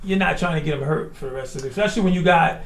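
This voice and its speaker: A man's voice: a little high, very fast, roomy sound, a crowd in the background. A man co-hosting a radio talk show, bantering and teasing with a laugh in his voice. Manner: laughing, teasing, talks over others. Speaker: radio co-host.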